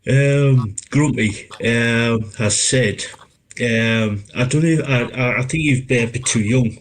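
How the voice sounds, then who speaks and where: A man's voice: mid-range voice, takes it slowly, low-quality recording. A man hosting a live stream interview, speaking hesitantly with many fillers. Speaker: host.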